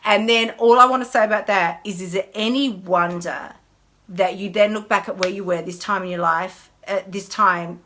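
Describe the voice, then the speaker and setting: A woman, a health coach chatting casually on a live stream in an animated way. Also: mid-range voice, normal speed. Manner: chatty, animated, mimics whiny inner voices.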